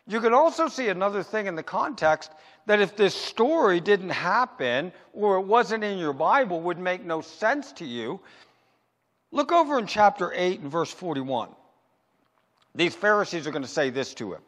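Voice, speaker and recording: Pastor guy preaching, pretty high voice, asks stuff then answers it, slows way down to hit points, long church echo. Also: big pitch swings, a bit bright. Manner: asks rhetorical questions and answers them; emphatic, slows down to stress points. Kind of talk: sermon.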